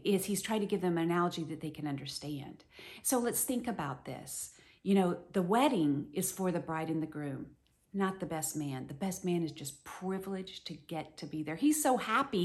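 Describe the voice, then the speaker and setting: A middle-aged woman giving an earnest, animated devotional Bible teaching, with many "you know"s. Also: fairly low pitch, normal speed.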